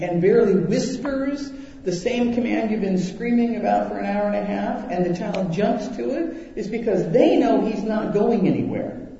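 A man preaching a sermon, telling stories animatedly and acting out the voices in them. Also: sits high. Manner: animated storytelling with acted-out quotes. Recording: echoey hall, dull lo-fi sound.

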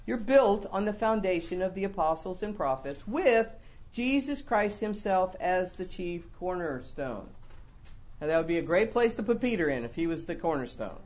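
Woman teaching a Bible lesson, low-pitched. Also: normal speed. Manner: conversational, repeats words, lively emphasis. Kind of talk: sermon-style Bible teaching.

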